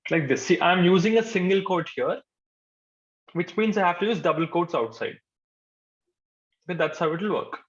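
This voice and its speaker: Guy teaching coding live, slightly high voice, keeps saying okay, dull recording. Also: animated, normal speed, pauses often. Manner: patient, repeats points, says "okay" often. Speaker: programming instructor. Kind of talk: live coding lecture to a class. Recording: dull lo-fi sound.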